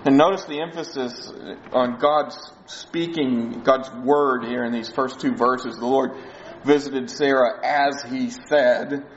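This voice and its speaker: A man's voice: medium pitch, fairly even intonation, slow pace, highs cut off, slight background noise. A man preaching a sermon, explaining a Bible passage in a conversational way. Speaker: pastor.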